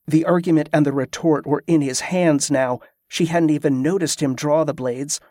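A man narrating a fantasy audiobook in a steady, even reading. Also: a little high, moderate pace, hardly any pauses, no echo, studio quality.

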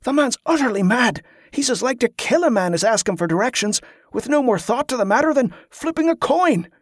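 A man's voice: on the high side, normal speed, no echo, studio quality. A man voicing a fussy, nervous male merchant who talks in a prim, strained way. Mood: fretful prim.

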